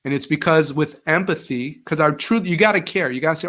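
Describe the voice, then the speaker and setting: Animated former-teacher guest, middle-aged man, pitched a touch high. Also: quick pace. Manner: animated, acts out quoted voices. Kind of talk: casual interview storytelling.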